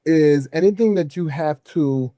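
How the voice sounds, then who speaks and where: Mellow-voiced man, easygoing chat. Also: on the high side, measured pace, dry recording. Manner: easygoing, self-deprecating, trailing restarts. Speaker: guest emcee. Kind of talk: casual interview chat.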